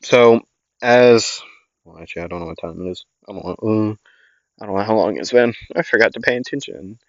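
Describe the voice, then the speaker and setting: A man's voice: fairly low pitch, fairly quick, dry recording. A man casually improvising a fan story, rambling, self-deprecating and full of fillers. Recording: dull lo-fi dry recording.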